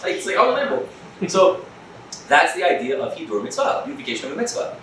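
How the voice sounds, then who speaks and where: A rabbi teaching a class with a lively, swooping voice, cracking jokes and briefly acting out other people's voices. His voice sits a little high for a man. He is recorded from a distance in an echoey classroom with faint background noise. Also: fast talker. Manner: animated, joking, acts out voices of others. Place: school classroom. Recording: echoey room, mic from afar.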